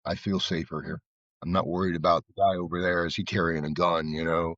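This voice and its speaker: A man's voice: sits low, flat delivery, fairly quick, fairly bright tone, dry recording, lo-fi sound. An American man from Florida, a guest telling loose, rambling stories in casual conversation, with lots of "you know" and repeated words. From Florida, USA. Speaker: guest, flower bike artisan.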